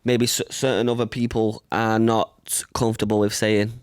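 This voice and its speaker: A man's voice: lowish voice, little pitch movement, normal speed, smooth, dry recording. A man in his early twenties with a Manchester accent, a rapper talking as a guest in a casual interview, laid-back and rambling, full of slang and fillers. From Manchester, England. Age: 20s.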